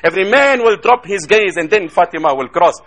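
A man's voice: sits high, expressive, brisk, a bit bright. A man preaching a sermon, telling religious stories with emotion and reciting Arabic phrases. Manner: emotive storytelling, quoting Arabic.

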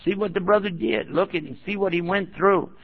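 A man's voice: sits high, a little fast, husky. A man preaching to an audience, telling a story and acting out the people in it, now and then prodding the listeners directly. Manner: acts out quoted speakers in his stories; addresses the audience directly and prods them. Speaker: Muslim preacher. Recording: tinny phone-like recording.

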